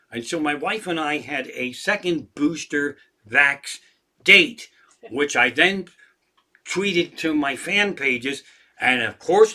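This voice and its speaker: A man's voice: a little high, bright, forceful tone. A man in his sixties, a comedian hosting a livestream, rants with heavy profanity and gets himself worked up. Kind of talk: profane ranting livestream chat.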